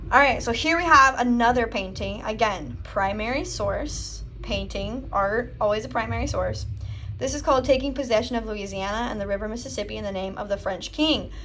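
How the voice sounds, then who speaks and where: A woman's voice: fairly high pitch, a little fast, fairly bright tone, slight background noise. A young woman teacher giving a casual history lesson from home, acting out historical figures in a jokey voice. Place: home, with a dog nearby.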